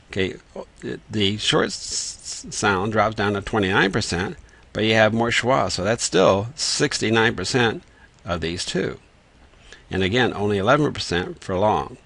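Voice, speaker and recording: Low gravelly man teaching reading. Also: fairly bright tone. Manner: patient, methodical, sounds out words slowly. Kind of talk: explanatory lesson with whiteboard.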